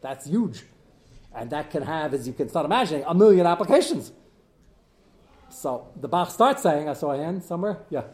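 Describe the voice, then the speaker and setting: This is a man leading a Talmud class in a classroom full of students. His voice sits a touch high. He keeps it lively, with asides and jokes, and his pitch and loudness leap for emphasis before settling back down. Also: normal speed. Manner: animated, swings in pitch and loudness; mixes in Hebrew and Yiddish study terms. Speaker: rabbi teaching a Talmud class.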